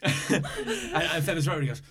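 A man narrating as game master in an animated, rambling way. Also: on the high side, brisk, a crowd in the background.

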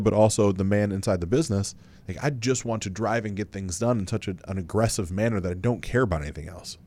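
Man, podcast co-host, blunt, casual, self-deprecating, lowish voice. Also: darkish tone.

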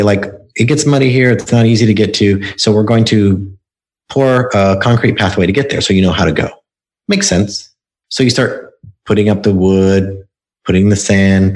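A man's voice: deep voice, a little mellow. A man, a book coach, talking in a casual interview and explaining his process through stories and examples.

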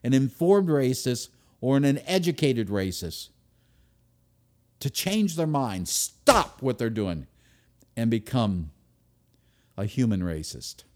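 A man speaking to an audience in an emphatic way. His pitch swings widely, rising on stressed words and falling to a near-whisper. His voice sits in a middle register. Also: sing-song, takes it slowly, pauses often, darkish tone. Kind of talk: speech to an audience.

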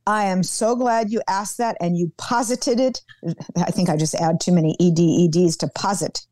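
A woman being interviewed as a guest on a podcast, who talks in an animated, emphatic way and repeats words for stress. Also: lowish voice, normal speed, no echo. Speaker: guest, former football team executive.

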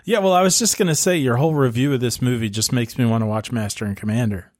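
A fast-talking man drops short, quick replies into a relaxed conversation. His voice sits at an ordinary pitch, and the sound is dry and close to the mic. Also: no echo. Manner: brief reactive interjections. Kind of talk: casual chat.

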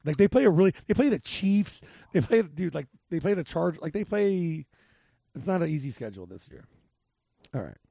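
Guy with a gravelly, mellow voice, rambly podcast host going over picks, dry close sound. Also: fairly high pitch, sing-song, moderate pace, no room sound. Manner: rambling, chatty, lots of "like" and restarts. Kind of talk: casual sports betting chat.

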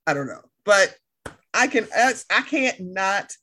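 A woman co-hosting a podcast in casual chat, playful and laughing, slipping into quick impressions of friends. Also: mid-range voice, big pitch swings, pushed and bright, slight background noise. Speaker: podcast co-host.

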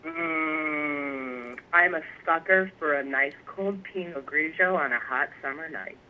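A woman guest telling stories in a casual interview, animated and laughing often. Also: low-pitched, takes it slowly. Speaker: guest, pipe maker. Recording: tinny phone line.

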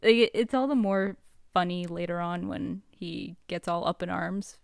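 Female co-host, smooth lowish voice, dry close sound, hesitant casual chat. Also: moderate pace, no echo. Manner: hesitant, many fillers, laughs easily. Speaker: podcast co-host.

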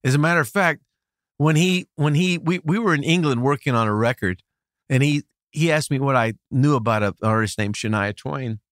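A man's voice: medium pitch, a little fast, dry recording, clean studio sound. A middle-aged man from the United States, a record producer telling stories in a casual interview, laughing easily and restarting his sentences. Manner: animated, laughing storyteller with many restarts.

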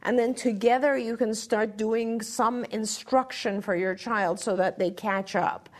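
A woman's voice: on the high side, fairly even intonation, unhurried. A middle-aged woman co-hosting a talk show, giving earnest, encouraging advice to parents and often restarting her phrases. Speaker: podcast co-host answering parent questions.

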